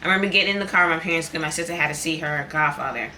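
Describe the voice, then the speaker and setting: A woman's voice: sits low, racing, pushed and bright, slight background noise. A young woman in a casual eating vlog, talking candidly and repeating herself for emphasis. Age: young adult. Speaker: vlogger. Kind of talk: casual chat while eating.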